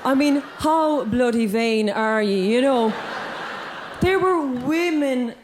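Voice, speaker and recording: A woman's voice: sits high, expressive, slow, noisy background. A woman doing a brash stand-up routine, laughing through her punchlines, recorded live in a club. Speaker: stand-up comedian.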